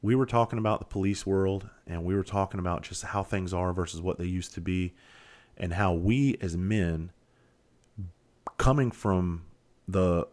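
A man's voice: sits low, moderate pace, darkish tone. A middle-aged man hosting a podcast, talking candidly and profanely as he tells stories from his firefighting life. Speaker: podcast host, former firefighter. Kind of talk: casual podcast monologue.

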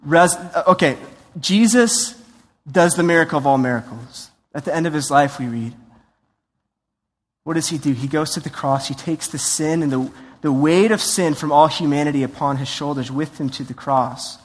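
A high-voiced man preaching with lively, conversational energy, slipping into acted-out voices and quick asides. His voice rings out in a large hall with a long reverb tail. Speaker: pastor. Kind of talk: sermon.

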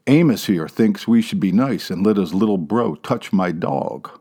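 A man's voice: fairly low pitch, expressive, moderate pace, mellow. A man doing a sneering teen bully. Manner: mocking, sneering. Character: muscled teenage bully, sneering ringleader.

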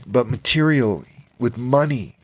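A man's voice: mid-range voice, animated, unhurried, a little mellow, no echo. A man giving an informal Bible study sermon, passionate and emotional, teary and repeating phrases for emphasis. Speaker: Bible teacher.

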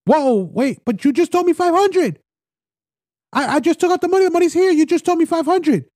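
A man's voice: extremely high pitch, brisk, a little mellow, no echo, clean studio sound, pitched above the performer's own voice. A man voicing an indignant male customer protesting a sudden price hike.

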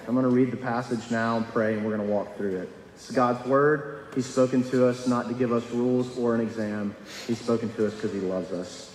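A young man preaches a sermon in a relaxed, conversational way, earnest and full of small fillers and restarts. His voice sits at an ordinary middle pitch. It carries the long, roomy echo of a church hall, with a faint hum of room noise behind him. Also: moderate pace. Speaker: pastor. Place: church sanctuary.

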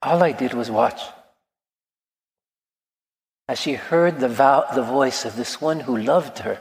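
Gentle priest around sixty, echoing hall. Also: male voice, medium pitch, lively intonation, takes it slowly, long pauses. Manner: gentle, reflective storytelling. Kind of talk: sermon. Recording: long reverb of a large hall.

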